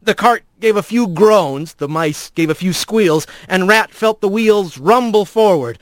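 A man narrating an audiobook in an expressive, animated storytelling manner. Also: high-pitched, a little slow, dry recording.

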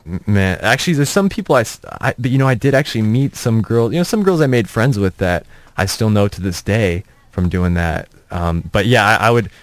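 A man's voice: lowish voice, expressive, a little fast, dry recording. A young man, a comedian, telling self-mocking stories in a rambling way that trips over its own words. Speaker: comedian, interview guest. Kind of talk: casual anecdotal storytelling.

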